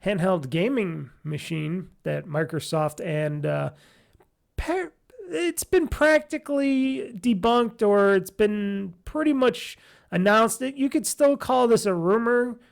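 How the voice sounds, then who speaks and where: A man's voice: high voice, slow. A man hosting a casual solo gaming podcast, talking in a rambling way full of fillers and restarts, with a nasal, stuffy, tired voice. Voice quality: nasal, gravelly. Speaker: podcast host.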